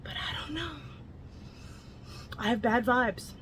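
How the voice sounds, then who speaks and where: Blunt, bright-voiced woman reviewing books. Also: a little high, slow pace, a little hiss or hum. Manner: candid and blunt, with casual swearing; lively plot retelling, slipping into quoted lines. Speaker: book reviewer. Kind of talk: casual book review vlog.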